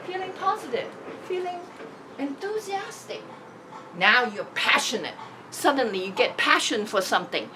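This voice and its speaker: A woman spiritual teacher giving a motivational talk, expressive and emphatic, acting out each feeling as she goes. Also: high voice, moderate pace, distant mic, very noisy.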